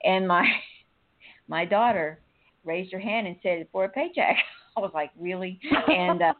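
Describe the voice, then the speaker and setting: A woman's voice: on the low side, a little slow. Chatty middle-aged woman on a phone-like line. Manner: chatty, rambling, laughs often. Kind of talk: casual chat. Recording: phone-like narrow audio.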